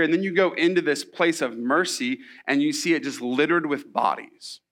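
A man's voice: a little high, normal speed, hardly any pauses, a bit bright. A young man preaching a sermon in a casual, storytelling way, with asides and rhetorical questions. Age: young adult. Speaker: pastor.

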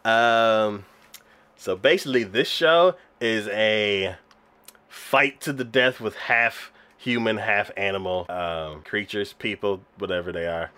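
A man's voice: lowish voice, takes it slowly, pushed and bright, clear, resonant tone. A man casually recapping a show's scenes, with many fillers and frequent laughter. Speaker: podcast co-host reviewing anime. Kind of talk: casual chat.

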